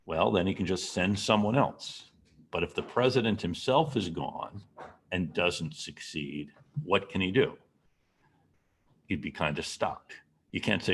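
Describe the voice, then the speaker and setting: A man's voice: sits low, a little hiss or hum. A man giving a classroom history lecture, telling the story and asking the class questions.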